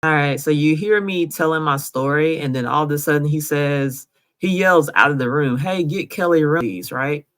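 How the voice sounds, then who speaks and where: A woman's voice: deep voice, normal speed, fairly bright tone. A woman hosting her own show, telling her story in a conversational way and checking in with the listener as she goes. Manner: conversational, recounting events step by step with frequent "right?". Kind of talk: first-person storytelling over recorded audio.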